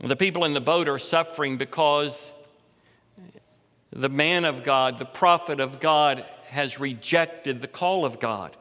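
A middle-aged man delivers an expository sermon from the pulpit. His voice sits high and bright, and it climbs and swells when he stresses a line. Long reverb from the sanctuary trails each phrase. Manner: expository preaching, rising in pitch and force for emphasis. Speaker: pastor.

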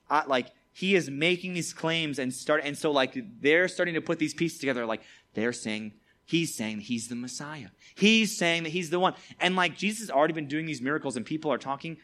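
Pitched on the high side, this man sounds animated, pushed, and bright while speaking at a normal speed. He's a youth preacher giving a casual Bible lesson, chatty and full of "like" and tag questions such as "all right?"

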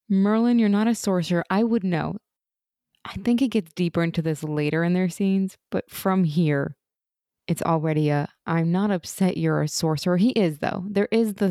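This podcast co-host is a woman whose voice sits on the low side and moves at a moderate pace. She's recapping a TV show casually, animatedly retelling scenes, voicing the characters' lines, and laughing often, in a dry, clean studio recording.

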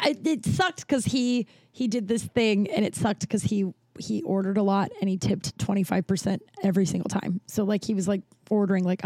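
Rambling, chatty woman, mellow voice. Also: medium pitch, dry recording, clean studio sound. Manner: rambling, chatty, swears casually. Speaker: podcast host; festival bartender. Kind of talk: casual storytelling.

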